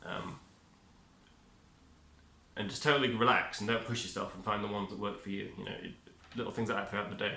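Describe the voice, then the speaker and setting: Guy rambling on about his day plan, lowish voice but bright and tense, echoey room. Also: steady tone, a little fast, vocal fry, long pauses, a little hiss or hum. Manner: rambling, self-interrupting, upbeat. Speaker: vlogger. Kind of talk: casual self-help monologue.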